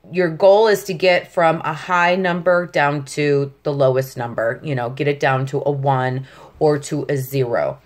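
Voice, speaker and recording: A middle-aged woman patiently teaching a tapping technique step by step, often checking in with the listener. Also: low voice. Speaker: tapping instructor. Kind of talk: step-by-step demonstration lesson.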